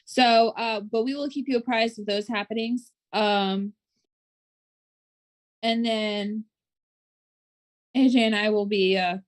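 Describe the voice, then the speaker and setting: A woman's voice: on the high side, fairly even intonation, slow pace, long pauses. A woman co-hosting a casual podcast chat, running through plugs with plenty of "um" fillers. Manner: chatty, many "um" fillers, doing show plugs. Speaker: podcast co-host.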